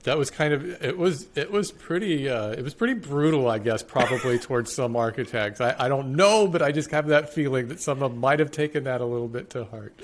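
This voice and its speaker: A man's voice: medium pitch, brisk, few pauses, slight background noise. A man co-hosting a podcast, joking around and bantering with the guest in an amused way. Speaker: podcast co-host. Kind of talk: casual interview chat.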